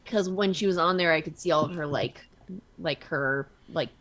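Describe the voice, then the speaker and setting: A woman streaming a card game, chatting casually and telling stories in an animated way. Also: deep voice, normal speed. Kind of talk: casual chat while gaming.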